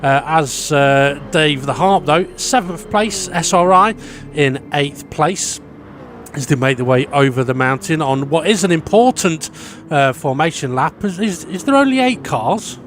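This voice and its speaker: A man's voice: a little high, measured pace, a bit bright, a little hiss or hum. A man commentating a sim racing league in a chatty way, full of ums and small stumbles. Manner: chatty, filler-heavy, stumbling. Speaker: race commentator.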